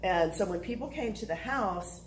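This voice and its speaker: A woman telling a personal story to listeners, animated and laughing through the funny parts. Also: mid-range voice, moderate pace, slight background noise, poor audio.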